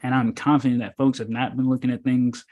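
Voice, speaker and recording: A man's voice: medium pitch, flat delivery, a little fast, a little mellow, dull audio. A man giving a casual, preachy talk as a spiritual teacher at an informal meetup, rambling and emphatic, with many fillers and rhetorical questions.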